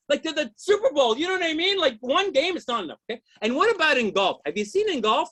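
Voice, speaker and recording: A man's voice: extremely high pitch, sing-song, fast, few pauses, bright, forceful tone. A man doing a stand-up routine, ranting in exasperation, swearing often and keeps asking the crowd if they know what he means. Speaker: stand-up comedian.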